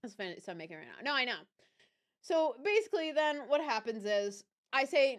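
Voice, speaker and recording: A young woman hosting a livestream with a Southern US accent, casually telling a personal story to her chat, chatty and animated, often correcting herself and laughing. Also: fairly high pitch, quick pace. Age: young adult. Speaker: livestream host.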